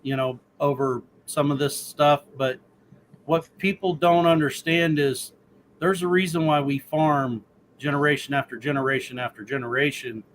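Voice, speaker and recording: A man's voice: on the high side, fairly even intonation, normal speed, a bit bright, a little hiss or hum, poor audio. A man in a casual group chat, rambling with many fillers.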